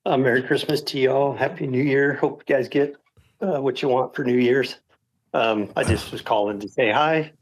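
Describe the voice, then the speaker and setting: A man's voice: mid-range voice, steady tone, moderate pace, rough recording. A man calling in to a casual chat, laid-back and hesitant with lots of fillers. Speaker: caller.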